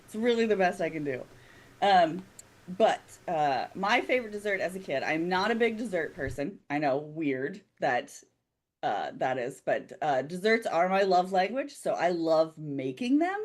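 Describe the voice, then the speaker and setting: A woman's voice: lowish voice, expressive, normal speed. A chatty woman who laughs often, running a tabletop game as game master in casual chat. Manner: giggly, chatty.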